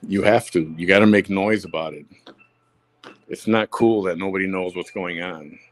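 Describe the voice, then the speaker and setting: Deep-voiced chicago guy ranting blunt and fired up on his own audio show. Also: steady tone, normal speed, soft background music. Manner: blunt, repetitive, heated. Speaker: podcast host. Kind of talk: solo audio rant.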